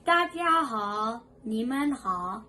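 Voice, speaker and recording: A woman's voice: fairly high pitch, animated, slow, pushed and bright. A woman acting as practice partner in a language lesson, giving short answers on cue.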